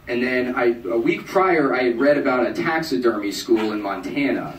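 A man's voice: mid-range voice, moderate pace, recorded from a distance. Stand-up man in a roomy club bootleg. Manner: deadpan, self-mocking, acts out voices of people in the story. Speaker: stand-up comedian. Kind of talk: stand-up storytelling. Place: live music club stage. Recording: roomy crowd bootleg from afar, noisy. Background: audience laughter.

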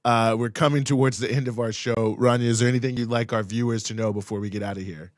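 A man's voice: medium pitch, fairly even intonation, fast, no echo, clean studio sound. A man co-hosting a political talk show, speaking bluntly and dismissively, with frequent uh fillers. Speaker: co-host. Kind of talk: casual political commentary.

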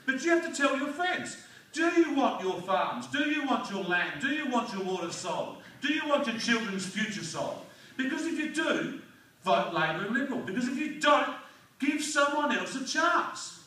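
A man's voice: very high voice, big pitch swings, moderate pace, sharp tone. A man with an Australian accent giving a blunt, fired-up speech at a community forum, firing off rhetorical questions. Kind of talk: rousing political speech. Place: community hall. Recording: echoey hall recorded from far off.

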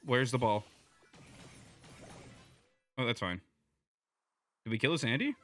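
Young man, bright voice, live gameplay commentary, chatty play-by-play, excitable, shouts at teammates. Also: medium pitch, soft background music. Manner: excitable, bursts into loud yelling at teammates; quick chatty play-by-play, swings between mumbling and shouting. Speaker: gaming video creator.

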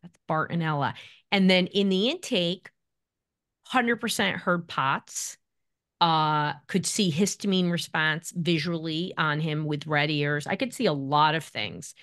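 Woman, middle-aged, expert guest, slightly low voice, animated, acts out quotes. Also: measured pace. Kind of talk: podcast interview.

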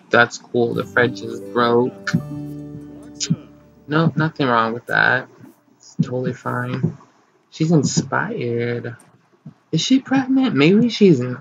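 A man casually commenting as he plays a life-sim game, chatty, excitable and gossipy, recorded on slightly dull lo-fi audio. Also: medium pitch, creaky. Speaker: gaming channel host. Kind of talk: casual let's play commentary.

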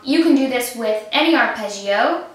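A woman harp teacher explaining arpeggio practice step by step in a calm voice while she plays. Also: a little high, normal speed, far from the mic. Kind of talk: instrumental lesson demonstration. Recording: roomy echo, voice from off mic, harp playing.

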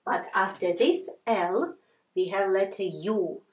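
Female teacher, slow and patient, roomy echo, mic set back. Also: mid-range voice, expressive. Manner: patient, repeats sounds many times, apologizes for slips. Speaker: language teacher. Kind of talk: slow whiteboard lesson with repeated examples.

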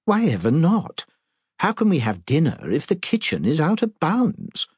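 A man doing a lively, irreverent young wife. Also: a little high, husky, no room sound, clean studio sound, voice pushed up, full character voice. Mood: brisk, teasing. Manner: brisk and teasing.

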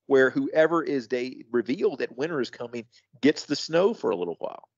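A man talks wrestling on a podcast, casual and thoughtful, often restarting his sentences before landing an emphatic point. His voice sits at a middle pitch. The recording is dry and close, with a dull, lo-fi sound. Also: fairly quick, dry recording. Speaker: podcast co-host.

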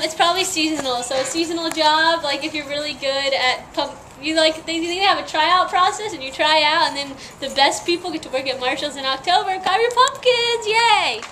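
A young woman with a very high voice, chatting and goofing around for her camera as she wanders a zoo. Her narration is jokey and playful, full of silly asides. Clear background noise from the outdoor crowds hums behind her. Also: normal speed, few pauses, pushed and bright. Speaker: vlogger. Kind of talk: casual vlog chat. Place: outdoors at a zoo and in a craft store.

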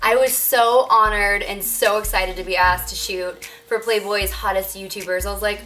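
A woman's voice: mid-range voice, moderate pace, hardly any pauses, fairly bright tone, soft background music. A bubbly young woman YouTuber in a casual vlog, chatting with lots of "like" fillers.

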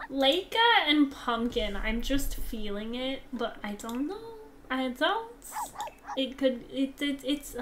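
A young woman casually commenting on a game she plays, gushing and excitable, dropping now and then into soft whispers. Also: high-pitched, slight background noise. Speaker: gaming channel host.

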